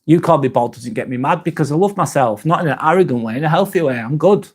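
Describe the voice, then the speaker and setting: A man's voice: on the high side, animated, fast talker, breathy edge. A man hosting a live stream, chatting casually, reading viewer comments aloud and swearing now and then.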